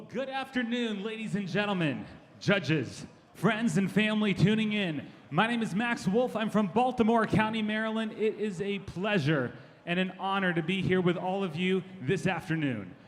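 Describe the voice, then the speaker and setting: Man, auctioneer, very high voice, rapid repeated bid calls, hall reverb. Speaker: auctioneer contestant. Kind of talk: formal introduction and auction chant. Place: large convention hall stage.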